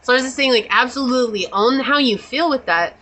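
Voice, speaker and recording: A woman's voice: on the high side, a little fast, sharp tone, rough recording. A woman doing a pick-a-card tarot reading, talking in a chatty, reassuring, spiritual way with many casual fillers. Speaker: tarot reader.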